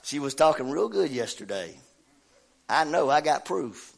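A middle-aged preacher with a congested, slightly hoarse voice from a cold, pitched a touch high for a man. He preaches in a folksy, animated way, swinging between loud bursts and quiet asides, and chuckles at his own stories. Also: measured pace. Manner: folksy, animated, laughs at himself. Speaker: pastor. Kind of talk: sermon with personal story.

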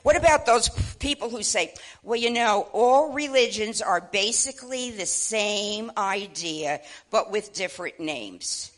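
An older woman preaching a sermon, impassioned, swinging between loud exclamations and low asides. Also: lively intonation, unhurried, hardly any pauses. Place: church.

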